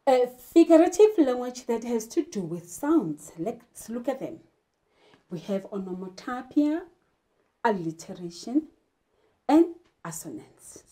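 Woman teacher, slow deliberate delivery, mellow tone, rhetorical questions. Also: a little high, sing-song. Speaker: English teacher. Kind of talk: classroom lesson.

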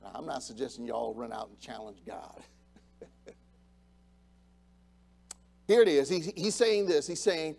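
A male pastor preaching a sermon in church, swinging between quiet reflection and loud, fired-up exhortation. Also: mid-range voice, measured pace, creaky, pauses often. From United States. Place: church sanctuary.

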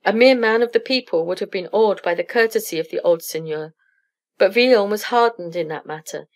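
A woman reads a classic short story aloud in a steady, clear narration meant for English learners. Her pitch sits in an ordinary middle range. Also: a little fast.

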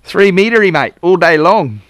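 A man's voice: high voice, lively intonation, normal speed, fairly bright tone. A man with a New Zealand accent chatting outdoors by a smokehouse, easygoing and chiming in with short replies. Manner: easygoing, laughs along, chimes in with short replies. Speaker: fishing companion. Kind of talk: casual outdoor chat.

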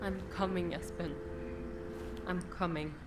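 A woman's voice: on the low side, a little slow, very noisy. A woman voicing an anxious, guilt-ridden mother hunting for her kidnapped son in a video game. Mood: frantic. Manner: desperate, guilt-ridden, hushed inner narration. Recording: game audio with loud music.

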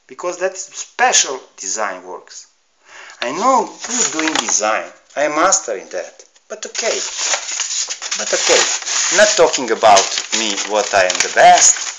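A middle-aged man from Serbia with a Serbian accent, ranting to camera in halting, broken English, heated and pleading. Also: mid-range voice, fairly bright tone, slight background noise, poor audio. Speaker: vlogger. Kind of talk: emotional rant to camera.

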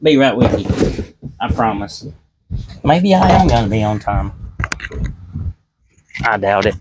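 The recording is very noisy as a man with a lowish, sing-song voice talks slowly from his little home office. An eBay reseller and vlogger, he chats casually and tells corny, folksy jokes at his own expense.

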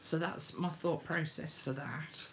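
A woman's voice: low voice, steady tone, measured pace, a little hiss or hum. Chatty woman hosting a craft stream. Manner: chatty, homely, talks to viewers by name. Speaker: craft tutorial host. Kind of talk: live craft demonstration.

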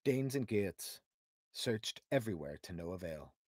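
A man reading a storybook aloud for young students in an expressive, deliberate way. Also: low-pitched, dry recording. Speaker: narrator.

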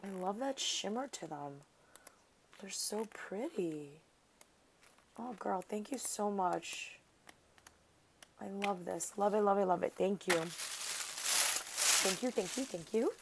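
A woman vlogger casually chatting as she unboxes craft mail at her desk, gushing and excitable, thanking over and over. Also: mid-range voice, takes it slowly, vocal fry, long pauses, slight background noise, low-quality recording.

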